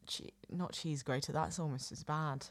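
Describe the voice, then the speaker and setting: Northern English female co-host, low-pitched, chatty and teasing. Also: fairly even intonation, dry recording. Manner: chatty, playful, quick to laugh and tease. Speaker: podcast co-host. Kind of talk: casual chat.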